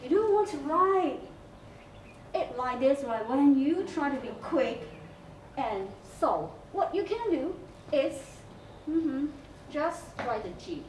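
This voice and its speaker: A woman teacher with a Hong Kong English accent, walking her students through a lesson. Her voice is high and sing-song, and she spells words out letter by letter. It was recorded in a school room from some distance off the mic, so the sound is echoey with a faint hiss. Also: big pitch swings, slow. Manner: explains step by step, spells out letters, many fillers. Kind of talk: recorded class lesson on campus TV.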